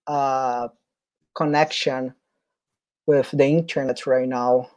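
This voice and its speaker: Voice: mid-range voice, steady tone, slow, a little mellow. A moderator on a video call, chatting casually and laughing easily. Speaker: workshop moderator.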